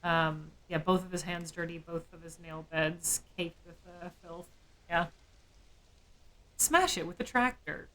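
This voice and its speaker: A woman with a slightly low voice muses aloud while playing a horror game live. She wonders over small details and drops jokey asides. A faint hiss sits behind her voice. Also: measured pace, bright, forceful tone, poor audio. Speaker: streamer.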